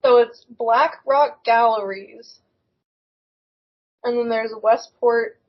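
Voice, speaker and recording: A young adult woman co-hosting a podcast over a remote call, chatting casually in an excitable, rambling way that often tips into giggles. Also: fairly high pitch, slow pace, dull audio. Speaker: podcast co-host. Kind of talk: casual chat. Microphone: remote call microphone.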